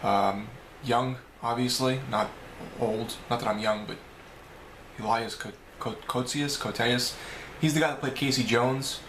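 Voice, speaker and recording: A man's voice: medium pitch, fairly even intonation, a little slow, a bit bright, roomy sound, slight background noise, rough recording. A man with a New York accent answering a list of questions in a casual, rambling video blog, often correcting himself. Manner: rambling, self-correcting, chatty. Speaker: video blogger. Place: home room.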